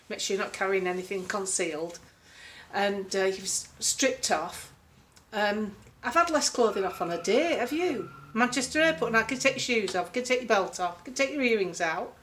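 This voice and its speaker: A woman's voice: mid-range voice, fairly bright tone. An older woman telling a story in a blunt, chatty way, now and then putting on voices. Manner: blunt, chatty, swears lightly, acts out voices. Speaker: political commentary vlogger. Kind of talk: casual storytelling monologue.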